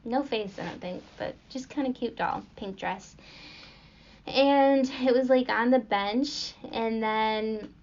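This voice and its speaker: A woman's voice: a little high, takes it slowly, a little mellow. Giggly, rambling young woman storyteller. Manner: rambling with frequent fillers and giggles. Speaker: podcast host. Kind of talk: casual storytelling. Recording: dull lo-fi recording.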